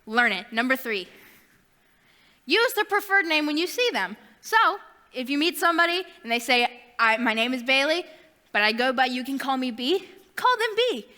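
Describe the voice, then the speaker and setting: A young woman delivering a youth sermon in a high, bright voice. She drifts into chatty, self-deprecating asides. Her words echo with a long reverb, as in a large hall. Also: expressive, normal speed. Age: young adult. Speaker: youth ministry speaker.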